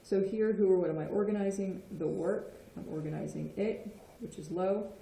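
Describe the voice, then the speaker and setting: A woman's voice: medium pitch, moderate pace, vocal fry, dark tone. A woman explaining Spanish grammar in a patient lesson, often checking in with "okay?". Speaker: Spanish teacher. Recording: echoey room.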